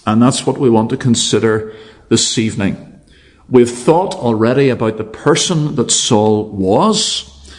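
Guy preaching a sermon, unhurried, mid pitched, builds with repeated phrases. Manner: emphatic, rhetorical repetition. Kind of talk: evening sermon.

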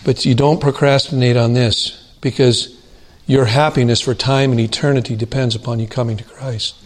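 A man preaching a sermon to his congregation, earnest and deliberate, slowing down to stress key words. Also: mid-range voice, steady tone. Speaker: pastor.

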